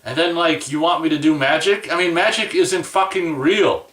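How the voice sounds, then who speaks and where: A man rants about his day, swearing freely and sounding worn out and exasperated. His voice is bright and a little tense. He sits back from the mic, so the room rings around him. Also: fairly high pitch, moderate pace, roomy sound, distant mic. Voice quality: profane, exasperated, rambling. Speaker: vlogger. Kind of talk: angry personal rant.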